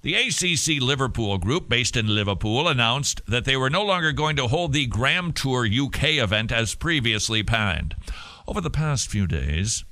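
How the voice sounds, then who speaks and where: A man's voice: medium pitch, expressive, moderate pace, hardly any pauses, bright, forceful tone. A man hosting a talk show, giving emphatic, sarcastic commentary. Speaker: host.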